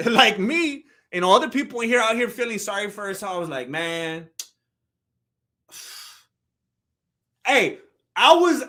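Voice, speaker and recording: A man's voice: high-pitched, sharp tone. A man, chatting casually with his live-stream audience in a heartfelt, rambling way. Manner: heartfelt, rambling, talks straight to chat.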